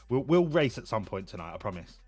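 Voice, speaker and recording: A man's voice: on the low side, very animated, normal speed, darkish tone, slightly rough, dry recording, faint music behind. A man casually commentating a game on a live stream, joking, swearing and laughing often. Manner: jokey, profane, laughs often.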